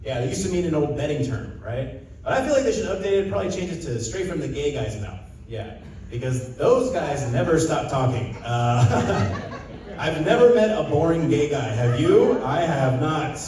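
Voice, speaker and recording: A young man from Southern California works the crowd in a stand-up set, slipping into little acted-out quotes as he rambles through his stories. His voice sits a touch high. The sound is very echoey and a bit distant. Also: animated, normal speed, darkish tone. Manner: chatty crowd work, loose storytelling with act-out quotes. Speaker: stand-up comedian. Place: casino stage with a live audience.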